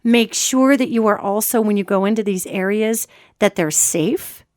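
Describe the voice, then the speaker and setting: A woman hosting a podcast, giving lively, chatty advice in a casual instructive way. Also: medium pitch, normal speed, no echo, studio quality. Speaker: podcast host.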